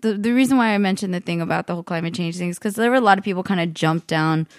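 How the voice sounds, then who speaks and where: A woman's voice: lowish voice, no room sound. Thoughtful woman in dry casual talk. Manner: thoughtful, measured, hedging with fillers. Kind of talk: casual conversation.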